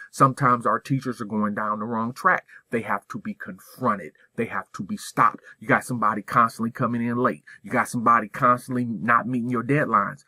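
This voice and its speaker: Male school administrator, bright forceful voice, dry close sound, blunt emphatic delivery for a staff training. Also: mid-range voice, breathy edge, no room sound. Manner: direct, emphatic, rhetorical questions. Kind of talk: professional development talk.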